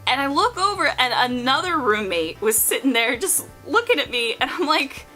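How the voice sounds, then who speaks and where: A young woman in her twenties telling casual stories to camera, animated and profane, acting out the people she quotes. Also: sits high, normal speed, hardly any pauses, faint music behind. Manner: animated, profane, acts out quotes in shifting voices. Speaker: vlogger. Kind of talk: casual storytelling.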